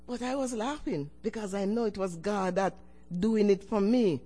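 An older woman giving a personal testimony to her church, telling it with lively swings in pitch and loudness and chuckles between phrases. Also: normal speed. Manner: animated storytelling with sudden swings in pitch and loudness.

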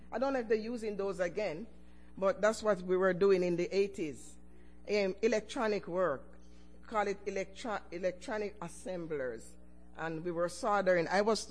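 An older woman giving a personal testimony to her church, telling it with lively swings in pitch and loudness and chuckles between phrases. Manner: animated storytelling with sudden swings in pitch and loudness.

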